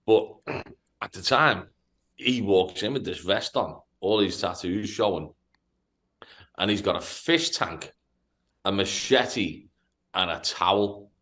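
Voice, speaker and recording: A man from Liverpool with a Liverpool accent, telling a profane, animated story on a casual podcast. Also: deep voice, slow, pauses often. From Liverpool, England. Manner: profane, animated anecdote-telling with stammered restarts. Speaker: podcast host.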